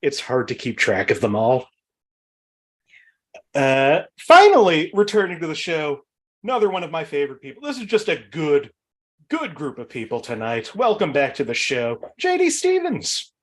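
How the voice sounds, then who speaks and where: Male game show host, Boston accent, lively up-and-down delivery, rambling with fillers. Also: a little high, moderate pace. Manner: rambling, laughs often, many fillers. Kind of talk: casual comedic game show banter.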